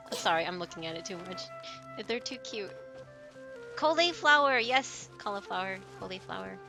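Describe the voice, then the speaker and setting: A woman's voice: medium pitch, moderate pace, vocal fry, over music. A young adult woman streaming a video game, chatting casually, gushing and laughing a lot. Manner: giggly, gushing, laughs often. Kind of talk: casual let's-play chatter.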